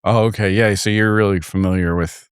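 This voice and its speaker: A man hosting a casual podcast interview, laid-back and quick to laugh, with casual slang. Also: on the low side, steady tone, smooth, no room sound, studio quality. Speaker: podcast host.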